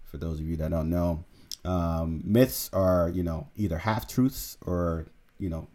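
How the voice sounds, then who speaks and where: A man with a lisp hosting a casual podcast discussion, easygoing and leading the talk with pauses and fillers. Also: deep voice, warm tone. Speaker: podcast host.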